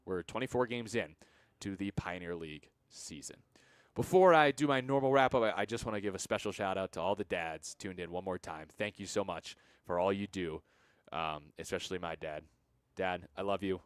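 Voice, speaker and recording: A young man calling baseball on radio, reading scores in a lively way with quick quips. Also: low-pitched, clean tone, no room sound. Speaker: play-by-play radio announcer. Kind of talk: radio sports wrap-up.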